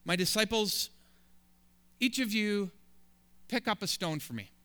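A man voicing a calm, gentle Jesus as a teacher in a parable he retells, speaking softly and in a measured way. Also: high voice, clean tone, voice pushed up.

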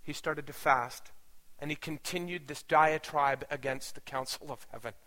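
A man's voice: a little high, normal speed, fairly bright tone. Brief: male pastor, sermon storytelling, earnest and dramatic, ringing hall reverb.

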